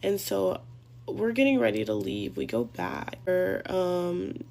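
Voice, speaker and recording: Young woman, chatty storytime vlogger, gravelly fry, faint hum behind. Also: medium pitch, big pitch swings, slow pace, a little mellow. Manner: chatty, rambling, profane. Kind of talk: casual storytime vlog.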